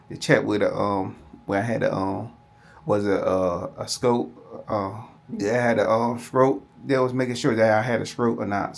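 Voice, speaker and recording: Guy with a gravelly voice rambling to his viewers, casual, keeps saying y'all. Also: on the low side. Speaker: vlogger. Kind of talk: casual personal storytelling to camera.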